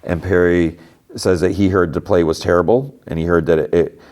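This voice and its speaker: Male podcast host, deep voice, loose casual recap, lots of filler and restarts. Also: steady tone, a little fast, darkish tone. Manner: rambling, full of "like" and "you know", frequent restarts.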